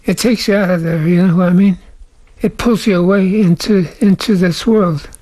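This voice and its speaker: An older American man giving short, halting interview answers in a soft-spoken way. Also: high-pitched, fairly even intonation, dry recording. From United States. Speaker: interviewee, musician.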